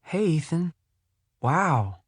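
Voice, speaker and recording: A man's voice: mid-range voice, moderate pace, slightly rough, dry recording. A man voicing a bubbly teenage girl. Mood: eager. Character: eager friendly teenage girl.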